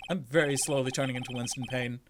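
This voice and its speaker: A man streaming a game with a friend, joking around in casual chat and quick to put on silly voices. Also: mid-range voice, steady tone, noisy background. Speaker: let's play streamer.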